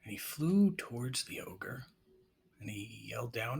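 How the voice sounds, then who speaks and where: A man narrating an improvised bedtime story, gentle and halting. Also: medium pitch, animated, creaky, slightly rough.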